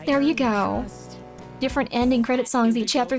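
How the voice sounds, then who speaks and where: A woman's voice: fairly high pitch, moderate pace. A woman streamer chatting casually while playing, gushing and rambling with lots of apologies. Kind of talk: casual live-stream chat. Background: game music.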